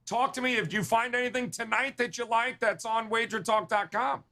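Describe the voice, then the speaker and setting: A man's voice: very high voice, moderate pace, gravelly, sharp tone. A man hosting a sports betting show, upbeat and joking, with frequent "uh" fillers. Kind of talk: casual sports betting talk.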